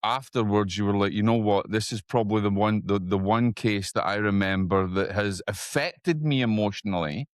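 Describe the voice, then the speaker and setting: A Scottish man hosting an interview, eager and chatty, often restarting sentences and rising in pitch when excited. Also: normal speed, few pauses, no room sound, studio quality. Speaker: host. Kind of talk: casual interview talk.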